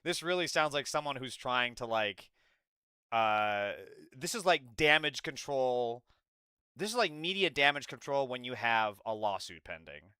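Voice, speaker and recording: A man's voice: medium pitch, lively intonation, unhurried, bright, forceful tone, clear, resonant tone, dry recording, studio quality. A man streaming live, reacting to clips with heated, mocking, profane commentary.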